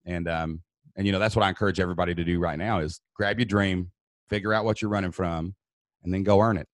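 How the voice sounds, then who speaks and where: A man's voice: sits low, fairly even intonation, fast, dry recording. Earnest man telling a dramatic story. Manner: earnest, builds intensity while retelling. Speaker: podcast guest. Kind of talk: emotional personal storytelling.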